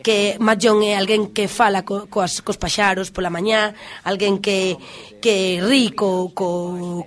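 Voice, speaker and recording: A woman host giving casual spoken commentary, halting and restarting often. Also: mid-range voice. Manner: halting, with many fillers and restarts. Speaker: radio host.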